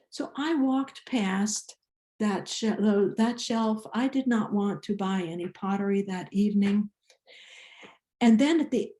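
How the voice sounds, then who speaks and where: An older woman from Iceland with an Icelandic accent, telling a personal story in a slow, deliberate way with small restarts. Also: medium pitch, dark tone, roomy sound. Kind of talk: personal story told to an audience.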